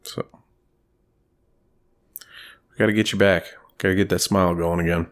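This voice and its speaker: A man's voice: sits low, steady tone, normal speed, clear, resonant tone. A man co-hosting a podcast in casual chat, laid-back with short replies. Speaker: podcast co-host.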